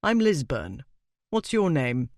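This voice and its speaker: A man voicing a cool, irritable Regency gentleman who speaks in a dry, clipped, disdainful way. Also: on the high side, very animated, slow pace, gravelly, no room sound, exaggerated voice. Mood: irritated.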